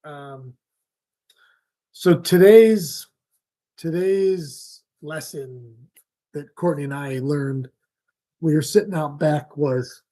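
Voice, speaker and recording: A man's voice: on the high side, slow, pauses often. Chatty man hosting a fishing stream. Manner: relaxed rambling storyteller with frequent fillers and laughs. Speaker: fishing show host. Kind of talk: casual live-stream chat.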